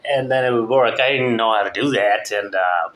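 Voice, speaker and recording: This man has a fairly low, fairly bright voice, talks at a moderate pace, and sounds like he's in a roomy space. English isn't his first language, and his accent is mixed, partly Southern American. He delivers a profane, rambling monologue full of opinions.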